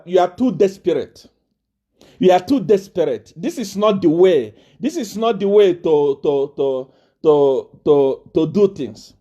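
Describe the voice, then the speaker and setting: A man delivers political commentary straight into a live video, repeating his points and laughing between them. His pitch sits high for a man and swings widely from phrase to phrase. The tone is dark and mellow rather than bright. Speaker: online commentator.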